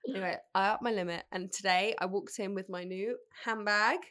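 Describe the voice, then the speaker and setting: Young woman co-host, mid-pitched voice, chatty storyteller who laughs easily. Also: steady tone, fairly quick, a bit bright. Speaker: podcast co-host. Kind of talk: casual chat.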